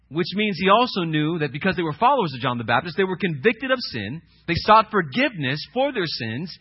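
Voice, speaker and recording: A man preaching a sermon as pastor, swinging between loud, emphatic questions and hushed scripture reading. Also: high-pitched, slightly rough, highs cut off.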